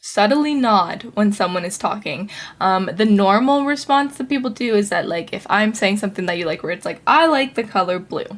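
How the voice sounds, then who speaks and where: A woman's voice: mid-range voice, lively intonation, normal speed. A young woman hosting her own podcast, talking casually in a rambling, chatty way with lots of fillers and restarts. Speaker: podcast host. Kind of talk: casual solo podcast talk.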